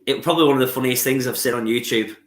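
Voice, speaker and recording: A man's voice: medium pitch, very fast. Northern English man in an echoey room. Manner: chatty, says "it were".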